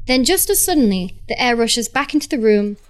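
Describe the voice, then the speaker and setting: A woman's voice: a little high, animated, a little fast. A woman narrating scenes as game master of a tabletop role-playing game, describing them steadily.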